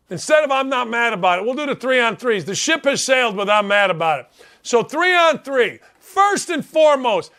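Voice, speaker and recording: A man hosting a sports talk show, ranting in a loud, blustery, rambling way and turning combative. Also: very high voice. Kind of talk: opinionated sports radio rant.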